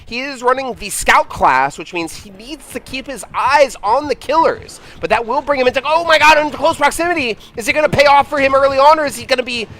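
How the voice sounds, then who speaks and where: A man putting on the voice of an excitable male sports announcer, giving hyped mock play-by-play commentary over a game. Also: very high voice, brisk, hardly any pauses, pitched above the performer's own voice. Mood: alarmed.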